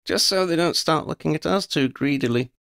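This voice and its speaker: A woman's voice: low voice, expressive, normal speed, creaky, dry recording, studio quality, voice pushed up, full character voice. A man voicing a confident, playful young witch who leads her friends with wry teasing.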